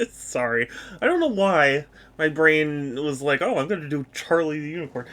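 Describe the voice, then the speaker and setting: A man's voice: a little high, big pitch swings, normal speed, a bit bright. A man streaming a video game, chatting casually and playfully with his viewers and laughing often. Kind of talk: casual live-stream chat.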